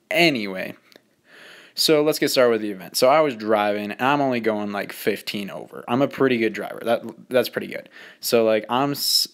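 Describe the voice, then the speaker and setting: A teenage boy telling a story in a casual, joking way, rambling with lots of fillers and poking fun at himself. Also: mid-range voice. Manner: rambling, filler-heavy, self-mocking. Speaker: student narrating a drawing video.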